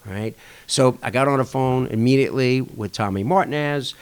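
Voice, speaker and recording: A man recounts an old story in a relaxed interview, his voice swinging up and down as he acts out what each person said. He speaks at a middling pitch and an easy, conversational pace. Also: moderate pace, clear, resonant tone. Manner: animated anecdote-telling, acting out dialogue with shifting pitch. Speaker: podcast guest, restaurant association chair.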